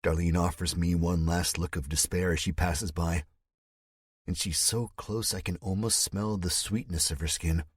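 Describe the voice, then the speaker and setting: A man with a low, husky voice narrates an audiobook in the first person. His delivery is tense and measured, recorded dry and close with no room sound. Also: steady tone, no echo.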